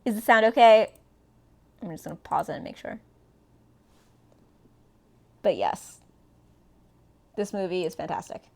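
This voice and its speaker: A woman's voice: mid-range voice, unhurried, creaky, long pauses, a little mellow. A woman streaming live, chatting casually and rambling playfully, a little tipsy, breaking into snatches of song.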